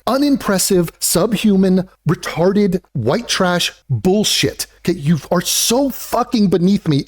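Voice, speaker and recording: A man's voice: high-pitched, voice pushed up. A man putting on the voice of a scornful, insulting internet commenter. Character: hostile, contemptuous male internet commenter.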